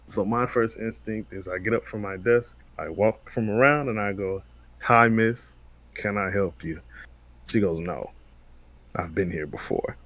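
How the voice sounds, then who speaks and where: A man's voice: on the low side, a little slow, fairly bright tone. A man co-hosting a podcast, telling a story in a laid-back, slangy way with laughs. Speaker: podcast co-host. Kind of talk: casual storytelling chat.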